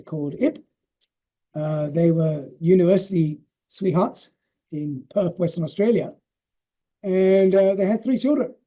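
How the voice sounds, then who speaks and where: A man in his sixties telling family stories in a rambling, affectionate way for a legacy interview. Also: high-pitched. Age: 60s. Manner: warm, rambling, many fillers and restarts. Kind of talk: reminiscing personal storytelling.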